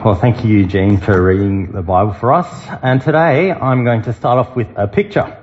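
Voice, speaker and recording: A man, giving a sermon and telling personal stories in an animated way. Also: on the low side, moderate pace, background noise. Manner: animated storytelling, acting out panicked quotes. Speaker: speaker at a Bible talk. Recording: muffled lo-fi sound.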